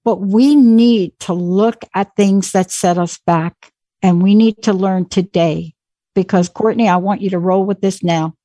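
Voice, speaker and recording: A woman's voice: medium pitch, unhurried, dry recording. Dry-voiced woman telling a motivational story. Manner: animated, acts out quoted voices. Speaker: guest speaker.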